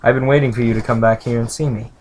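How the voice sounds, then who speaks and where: A man's voice: mid-range voice, steady tone, fast, darkish tone, a little hiss or hum, natural voice. A man voicing a secretive, earnest male servile spy from a fantasy game, speaking solemnly.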